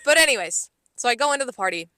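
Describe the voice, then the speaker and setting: A woman's voice: on the high side, very fast, slight background noise. A woman co-hosting a casual podcast, telling a work story with plenty of swearing and acted-out quotes. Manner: swearing, animated retelling with quoted voices. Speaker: podcast co-host, server.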